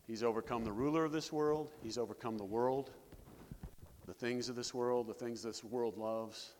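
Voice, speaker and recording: A man preaching a sermon as pastor, animated, breaking scripture readings with joking asides. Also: medium pitch, moderate pace. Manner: animated, jokey asides, reads scripture with rising emphasis. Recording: long reverb of a hall.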